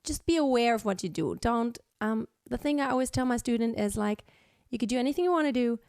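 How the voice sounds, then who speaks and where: A woman's voice: a little high, animated, quick pace, darkish tone, clean tone, no room sound, clean studio sound. A woman teaching singing, explaining technique and breaking into short sung examples. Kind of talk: vocal lesson with sung demonstrations.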